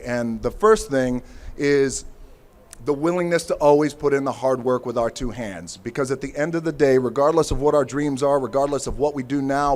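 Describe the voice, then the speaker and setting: A man's voice: medium pitch, a little mellow. A man in his forties giving an unscripted acceptance speech at an outdoor ceremony, thanking people and adding playful, self-mocking asides. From United States. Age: 40s.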